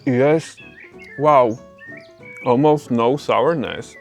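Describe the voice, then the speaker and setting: Cheerful man, unhurried speech, slightly gravelly, laughs a lot, casual homestead chat in the garden. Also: medium pitch, faint music behind. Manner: cheerful, laughs often, enthusiastic. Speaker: homesteading vlog co-host.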